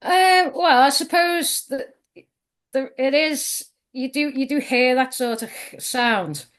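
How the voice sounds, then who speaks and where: A woman from Liverpool with a soft Scouse accent, chatting easily as an interview guest in a sing-songy way with plenty of fillers. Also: high-pitched, takes it slowly. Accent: soft south Liverpool Scouse. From Liverpool, England. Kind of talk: casual interview chat.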